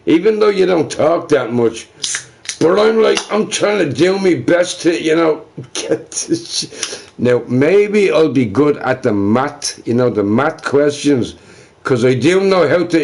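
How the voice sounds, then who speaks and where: A man's voice: a little high, vocal fry, a little mellow. A man rambling casually on his livestream, profane and self-mocking, chuckling between remarks.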